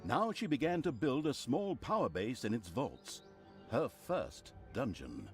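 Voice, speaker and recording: An actor narrating a video game with sardonic, mock-grand storytelling. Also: male voice, medium pitch, big pitch swings, measured pace. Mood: dry wit. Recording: game audio with music behind.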